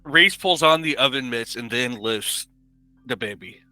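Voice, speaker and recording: Playful player with a bright, lively voice. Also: medium pitch, a little slow, soft background music. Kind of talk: casual tabletop game chat.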